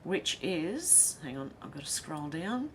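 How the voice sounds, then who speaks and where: A woman's voice: sits low, big pitch swings, unhurried, a little hiss or hum. A middle-aged Australian woman hosting a casual livestream, reading viewer comments aloud with giggly, chatty asides. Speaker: livestream host.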